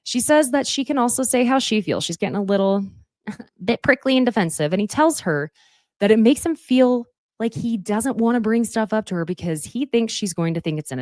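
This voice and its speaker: A young woman with a medium-pitched voice hosts a podcast, giving a chatty, opinionated recap of a reality show and quoting cast members. The studio-quality audio has no echo.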